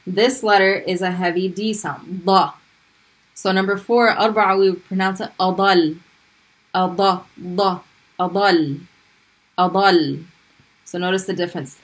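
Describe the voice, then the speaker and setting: Slow, patient woman teaching Arabic sounds. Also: medium pitch, steady tone, low-quality recording. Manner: patient, repeats sounds slowly for drilling. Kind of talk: recorded video lesson.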